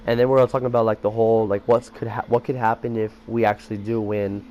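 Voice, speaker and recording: A teenage boy rambles through a casual school story, leaning on fillers like "you know" and "like." His voice sits a little low for his age. A faint hiss of noise hangs behind him. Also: level tone, quick pace, a little mellow, lo-fi sound. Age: teens. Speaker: vlogger.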